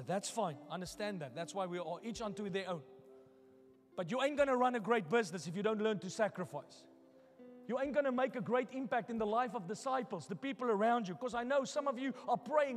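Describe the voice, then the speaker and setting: A male pastor preaching a sermon, moving from hushed, personal storytelling to loud, daring challenges to the congregation. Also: sits high, lively intonation, brisk, big-room sound, soft background music. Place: church hall.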